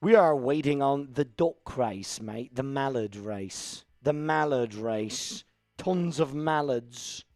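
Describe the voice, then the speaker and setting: A man's voice: medium pitch, slow, darkish tone, dry recording, clean studio sound, soft background music. A man putting on an exaggerated, slangy mock British accent as a cheeky bloke, jokingly.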